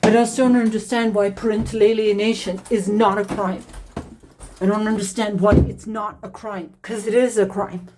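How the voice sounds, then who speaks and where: A woman's voice: mid-range voice, level tone, normal speed, background noise. A woman speaking a personal monologue to camera as a parent, upset and pleading, repeating herself.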